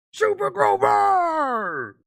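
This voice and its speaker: An excitable furry monster, squeaky-high and yelling with cartoonish glee. The pitch leaps all over the place, and the words come out slow and stretched. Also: male voice, creaky, dry recording, exaggerated voice. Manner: high, shouty, goofy impression.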